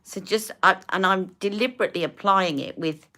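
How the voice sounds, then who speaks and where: A woman's voice: medium pitch, a little fast, sharp tone. A woman in her fifties chatting casually as a beauty live-stream host, rambling while answering viewers' comments and putting on makeup.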